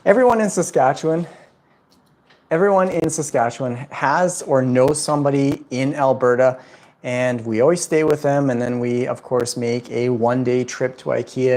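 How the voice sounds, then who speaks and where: A man with a steady, darkish, medium-pitched voice talks at normal speed while hosting a casual indoor plant livestream at home. He chats loosely and rambles while responding to viewers' questions.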